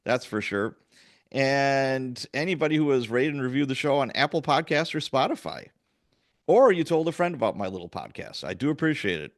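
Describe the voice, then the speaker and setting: A man's voice: mid-range voice, big pitch swings, normal speed, no echo, clean studio sound. Male podcast host, Chicago-Wisconsin accent with a hint of Irish, easy laugh, casual. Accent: Chicago and Wisconsin, with some Irish influence. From US Midwest. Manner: laughs easily, joking. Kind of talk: casual chat.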